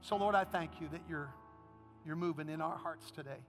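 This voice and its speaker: A man's voice: fairly high pitch, normal speed, soft background music. A man preaching a sermon as pastor, then leading the congregation in an emotional prayer. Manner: impassioned preaching, rising to a shout.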